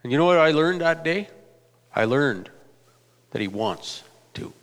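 A pastor in his fifties telling a personal testimony in a halting, reflective way, often restarting his sentences. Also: a little high, expressive, fairly bright tone. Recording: reverberant hall.

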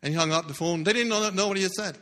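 A man delivers a sermon as a dramatic story, jumping from loud bursts to hushed, low lines. His voice sits a little high and rings bright. The sound carries the long reverb of a church hall. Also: racing. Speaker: pastor.

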